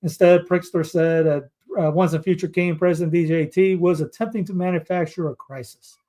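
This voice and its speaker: A man's voice: on the high side, steady tone, fairly quick, dark tone. A man hosting a commentary show, reading news headlines aloud in a rambling, casual way with asides.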